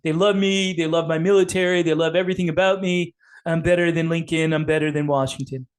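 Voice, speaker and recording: A man's voice: on the high side, steady tone, fast, clear, resonant tone, close to an everyday voice. A man doing a voice of a boastful, blustering older male politician, bragging and self-praising, in a casual video.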